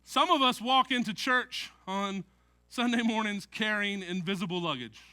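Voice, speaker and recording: A man's voice: high-pitched, moderate pace, sharp tone. A man preaching a sermon in a conversational way, joking and often checking in with "right?" as he talks. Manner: conversational preaching with jokes and frequent "right?" asides. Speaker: pastor.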